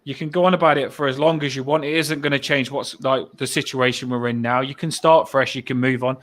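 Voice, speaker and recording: A man talks in an earnest, upbeat way on a casual fan chat and often repeats himself. His voice has a bright, forward sound. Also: medium pitch, steady tone, fairly quick. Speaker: co-host of fan channel.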